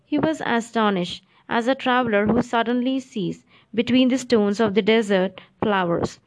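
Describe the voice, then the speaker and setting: A woman narrating a literary novel aloud in a calm, expressive audiobook reading. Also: on the high side, normal speed, few pauses, rough recording.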